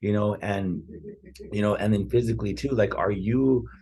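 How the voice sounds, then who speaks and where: A man's voice: fairly low pitch, normal speed, dark tone, slightly rough. A man giving casual, earnest motivational talk on a podcast, rambling and often checking in with "right?". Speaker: podcast speaker on real estate and personal growth.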